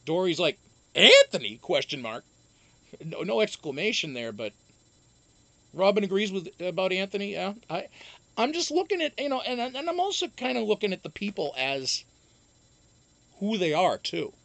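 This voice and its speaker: A man with a high, gravelly, very animated voice speaks at normal speed but pauses often, in a dry recording. During a casual live stream, he reads viewer chat aloud and answers it, rambling and profane, with many restarts.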